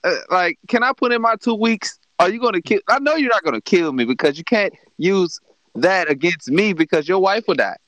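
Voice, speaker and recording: A man's voice: sits high, brisk, no echo, rough recording. A man co-hosting a casual podcast chat, telling jokey stories with lots of laughter. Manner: joking, animated storytelling. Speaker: podcast co-host.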